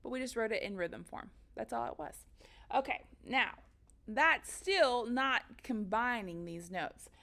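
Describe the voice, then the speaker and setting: A woman's voice: fairly high pitch, lively intonation, unhurried, vocal fry, sharp tone. A woman music teacher giving a recorded lesson for children, upbeat and encouraging, counting beats and chanting rhythms aloud.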